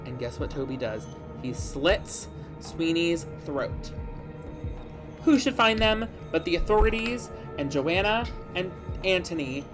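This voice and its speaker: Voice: mid-range voice, sing-song, takes it slowly, music in the background. A podcast host giving a comic, rambling plot recap with dramatic "guess what" beats.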